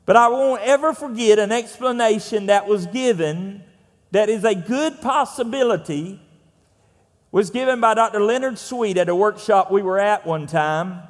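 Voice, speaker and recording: This is a sermon from a Southern US man, a pastor, whose fairly high male voice carries a laid-back, folksy, conversational manner. He frequently stops on filler words, and a big church's long echo trails each phrase.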